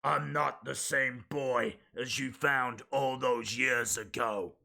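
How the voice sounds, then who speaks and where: A man doing an impression of a brooding male wrestler, delivering a taunt slowly, loudly and theatrically. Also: mid-range voice, steady tone, creaky, full character voice. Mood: menacing. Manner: slow, loud, theatrical delivery.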